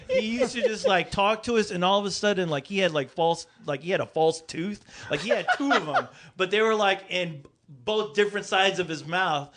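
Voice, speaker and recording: Animated, high-voiced man telling stories. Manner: animated, laughing, swears freely, jumps into high voices for quoted people. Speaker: podcast co-host. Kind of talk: casual storytelling chat.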